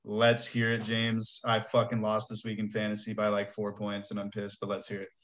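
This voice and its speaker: A man's voice: on the low side, completely flat delivery, moderate pace, fairly bright tone. A man hosting a casual sports podcast, loose and profane as he introduces the segments. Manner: loose, swears freely, announces segments. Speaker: podcast host.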